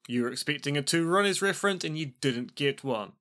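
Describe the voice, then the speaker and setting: A man hosting a podcast, trading quick jokes and then reading a scripted sign-off. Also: on the high side, animated, fairly bright tone. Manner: joking, quick quips. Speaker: podcast host. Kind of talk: casual chat and scripted outro. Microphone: internet call.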